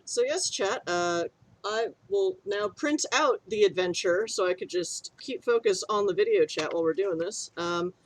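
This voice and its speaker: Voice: medium pitch, normal speed, slight background noise. Chatty game master hosting a stream. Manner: chatty, scattered, laughing asides.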